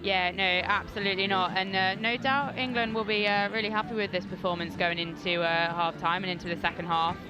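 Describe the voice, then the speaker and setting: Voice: mid-range voice, steady tone, brisk, few pauses, lo-fi sound, music in the background. A co-commentator and former player giving chatty, hesitant analysis at an outdoor sports ground. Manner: chatty, hesitant with fillers, laughs easily.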